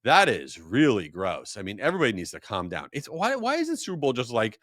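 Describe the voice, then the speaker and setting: Lively, rambling podcast host. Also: male voice, mid-range voice, rapid-fire, no room sound, clean studio sound. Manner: animated, rambling and self-deprecating. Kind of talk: casual storytelling monologue.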